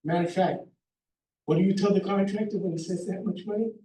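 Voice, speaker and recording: Emphatic high-voiced man in a roomy hall. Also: fairly even intonation, quick pace, mellow. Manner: emphatic, numbered points, keeps asking "okay?". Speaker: contractor speaking at a seminar. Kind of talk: practical advice talk to an audience. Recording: roomy hall, mic far off.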